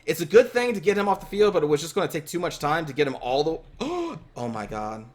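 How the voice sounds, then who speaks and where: Fast-talking high-voiced man narrating a battle. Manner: quick, excitable, swears in frustration. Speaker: gaming YouTuber commentating his own match. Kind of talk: casual gameplay commentary.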